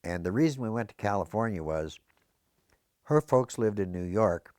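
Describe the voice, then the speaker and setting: Older man, very low voice, dry close sound, rambling storyteller, oral history interview. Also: lively intonation, normal speed, darkish tone, no room sound. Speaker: veteran interviewee.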